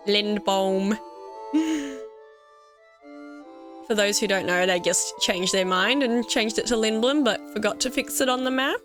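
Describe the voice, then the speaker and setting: Excitable Australian woman gamer, slow talk. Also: medium pitch. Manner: excitable and gushing, laughs often. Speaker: let's play gamer. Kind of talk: nostalgic game commentary. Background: faint game music.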